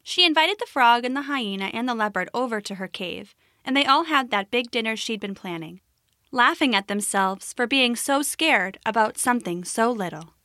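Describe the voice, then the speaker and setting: A woman narrating a children's story in a gentle, expressive way. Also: a little high, normal speed, no room sound, clean studio sound.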